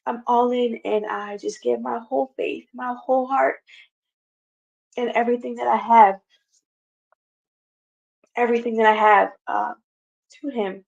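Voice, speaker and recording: A woman's voice: fairly high pitch, fairly even intonation, a little slow, creaky, long pauses, darkish tone. A woman hosting a Bible study, teaching earnestly and repeating her phrases. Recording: dull lo-fi recording.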